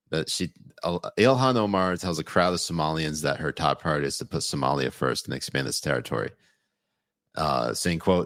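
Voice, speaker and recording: A man's voice: rumbling low, gravelly, fairly bright tone, dry recording, clean studio sound. A man co-hosting a podcast, joking around in loose banter and often trailing off and restarting mid-sentence. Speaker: podcast co-host. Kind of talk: casual comedic banter.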